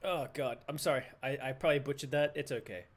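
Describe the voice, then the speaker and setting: A man's voice: mid-range voice, fast talker. A young Australian man streaming a game live, joking and laughing with chat. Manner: giggly, playful, jokey.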